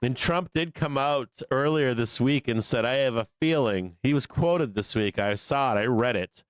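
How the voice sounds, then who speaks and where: This stock market livestream host speaks at a medium pitch and normal speed, his smooth voice recorded dry. He keeps things casual, venting his frustration with plenty of swearing and frequent laughter.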